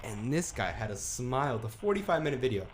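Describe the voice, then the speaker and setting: A man's voice: mid-range voice, sing-song, a little fast, background noise. A man from a haunt attraction crew explaining his ideas in casual, run-on talk. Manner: explains plans in long run-on sentences. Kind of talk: casual chat.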